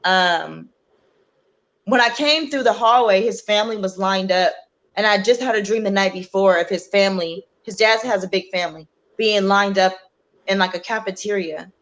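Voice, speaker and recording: On a talk show, a young adult woman shares her personal story earnestly but haltingly, full of fillers and restarts. Her voice is mid-range with a fairly bright tone.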